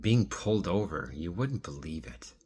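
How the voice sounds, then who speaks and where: A man's voice: deep voice, animated, normal speed, a little mellow, husky. A man speaking straight to one absent person in a rambling, pleading video monologue. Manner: rambling, restarts and trails off. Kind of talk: direct-address video monologue.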